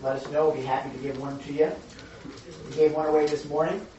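A man preaching a sermon to a congregation, his voice hoarse and raspy, talking in an earnest, conversational way with many fillers. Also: on the high side, little pitch movement, fast talker, dark tone, a little hiss or hum. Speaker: pastor. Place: church hall. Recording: echoey hall from a distant mic, dull.

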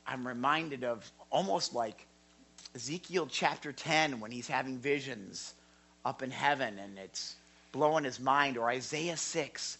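A man teaching a sermon in a church hall, emphatic and given to repeating words, swinging from quiet to loud. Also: medium pitch, measured pace. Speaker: Bible teacher.

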